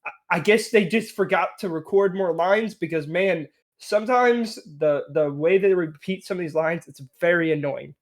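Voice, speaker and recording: A man's voice: high-pitched, normal speed. A young man co-hosting a casual game review podcast, chatty and rambling, laughing often. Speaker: podcast co-host.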